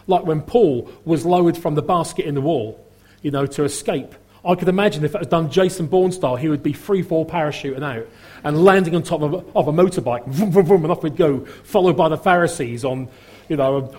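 A man's voice: fairly high pitch, a little mellow. A middle-aged man from Norfolk with a Norfolk accent, preaching a sermon in a chatty, humorous way, often repeating and restarting his phrases. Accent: Norfolk English. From Norfolk, England.

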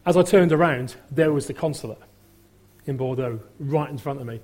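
Husky man telling his story. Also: mid-range voice, moderate pace, a little mellow. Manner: rambling, many fillers, acts out quoted voices. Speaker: testimony speaker. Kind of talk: personal testimony storytelling.

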